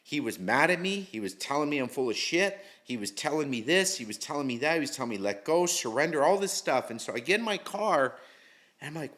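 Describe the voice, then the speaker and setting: A man's voice: fairly high pitch, lively intonation, brisk, fairly bright tone. Candid middle-aged man telling his story. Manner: candid, slangy, swears freely. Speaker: interview guest. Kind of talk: casual storytelling.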